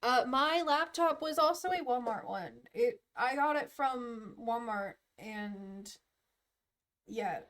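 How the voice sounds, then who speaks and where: Slow-talking giggly young woman streamer. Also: a little high, lively intonation, fairly bright tone. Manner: chatty, giggly, rambling with frequent laughs. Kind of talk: casual live-stream chat while drawing.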